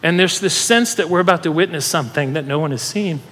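A man preaching a sermon, telling a personal story in an animated way, laughing and getting emotional as he goes. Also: a little high, quick pace. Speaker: pastor. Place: church hall with audience. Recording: reverberant hall.

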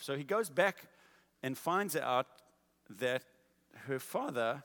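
A male preacher tells a story in a casual, animated way. His fairly high voice carries through a large hall with a long, lingering reverb. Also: slow pace. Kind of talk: storytelling sermon.

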